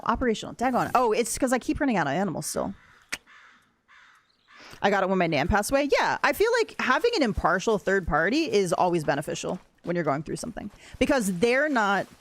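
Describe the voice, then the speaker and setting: A young adult woman streaming a game, talking in a rambling, candid, soft-spoken way. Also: mid-range voice. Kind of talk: casual livestream chat while gaming.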